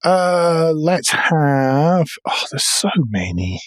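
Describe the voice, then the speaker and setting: A man's voice: fairly high pitch, sing-song, extremely slow, no room sound. Chatty male podcast co-host, dry sound. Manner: chatty, hesitant with fillers and restarts. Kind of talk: casual chat.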